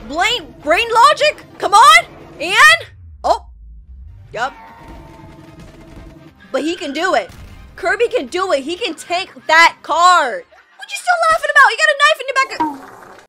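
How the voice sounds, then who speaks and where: Woman YouTuber, excitable reaction commentary, high and lively, laughs often. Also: unhurried, long pauses, faint music behind. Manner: animated, laughing often, exclaiming at the screen.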